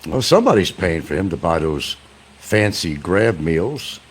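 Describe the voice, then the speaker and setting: A stream host in an indoor room offers casual, sarcastic commentary, taunting the person he's discussing and calling him "son." He speaks a little slowly, with a deep, husky voice and big pitch swings.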